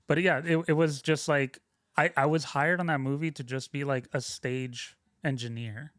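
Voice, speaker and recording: A man's voice: medium pitch, steady tone, moderate pace, a bit bright, no echo. A man talking as a podcast guest, telling stories casually and rambling with many fillers into a close microphone. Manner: rambling, self-interrupting, frequent "like" fillers. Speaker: podcast guest, sound mixer. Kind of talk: casual conversational storytelling.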